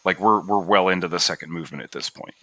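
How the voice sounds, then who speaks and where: A man hosting a podcast in casual chat, animated and swearing freely as he retells scenes. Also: sits low, quick pace, no echo. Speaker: podcast host.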